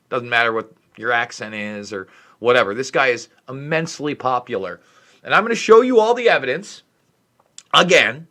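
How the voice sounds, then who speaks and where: A man's voice: medium pitch, sharp tone. Emphatic, indignant male vlog host. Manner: indignant, emphatic, drags out key words. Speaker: online commentary host. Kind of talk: ranting commentary vlog.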